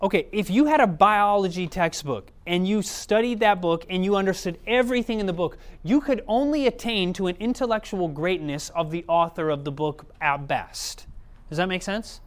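A man's voice: sits high, moderate pace. A man preaching a sermon in a conversational way, often checking in with the audience.

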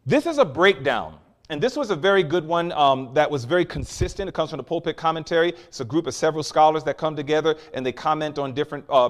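Animated male preacher, lively pitch. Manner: animated, emphatic teaching with rhetorical questions. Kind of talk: sermon.

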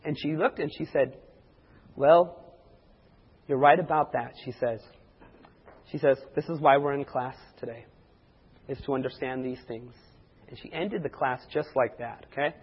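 Male preacher, husky, slightly high; animated testimony storytelling with acted-out quotes; dull recording, long hall reverb. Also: moderate pace.

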